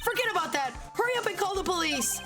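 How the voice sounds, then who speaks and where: A bossy young woman in a game who snaps out impatient orders, in a high voice. Game music runs clearly underneath. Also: expressive, quick pace.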